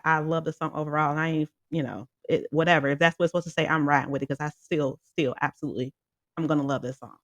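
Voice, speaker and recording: A casual music reviewer rambles through thoughts on a song, full of fillers, laughs and direct asides to the audience. The voice sits at an ordinary middle pitch. It is recorded close and dry, with no room sound. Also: dry recording. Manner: rambling and animated, with many fillers and frequent laughs; talks straight to viewers.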